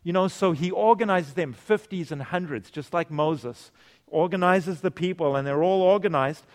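A man with a somewhat high voice delivers an animated sermon. He asks the congregation questions and briefly plays the people in his stories. His voice carries a long echo through the hall. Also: moderate pace. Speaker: preacher.

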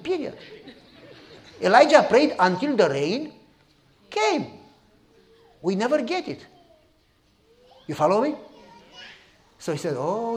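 Animated preaching man with a Romanian accent. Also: high-pitched. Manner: animated, repeats "You follow me?". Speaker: pastor. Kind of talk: sermon storytelling.

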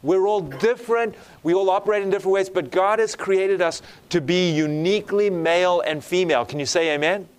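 An earnest man delivers a sermon in a slightly high voice. He keeps drawing the congregation in, asking them for an amen. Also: a little fast, few pauses, clear, resonant tone. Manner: earnest, asks the congregation for amens. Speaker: preacher.

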